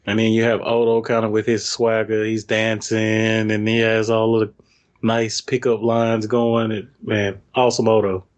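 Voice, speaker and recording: Male podcast co-host, low voice, relaxed, enthusiastic. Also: moderate pace. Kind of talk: casual podcast chat.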